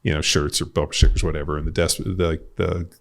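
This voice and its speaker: A man's voice: extremely low pitch, little pitch movement, fast, gravelly. A middle-aged man hosting a casual podcast chat, telling jokey stories and laughing often. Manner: joking storyteller, laughs often. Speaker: podcast host.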